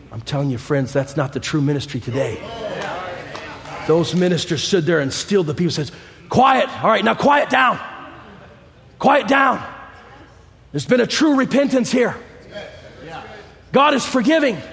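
A man preaching a sermon, swinging between quiet low passages and fervent shouting. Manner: shouting, rising fervor with quiet low stretches. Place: church sanctuary. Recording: long hall reverb, faint congregation.

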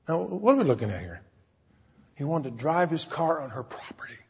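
A man's voice: fairly high pitch, big pitch swings, fairly quick, gravelly, slightly rough. A man preaching a sermon, telling a story with quoted voices and building to fervent exhortation. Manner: storytelling, quotes others in acted voices, preaches with rising fervor. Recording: dull lo-fi sound, long hall reverb.

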